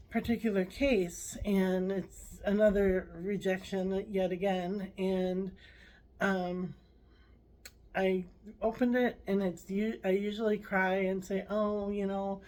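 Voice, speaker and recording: Slow, halting woman vlogger. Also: mid-range voice, level tone, darkish tone, low-quality recording. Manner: halting and emotional, many fillers and restarts. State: tearful. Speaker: channel host. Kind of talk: personal vlog.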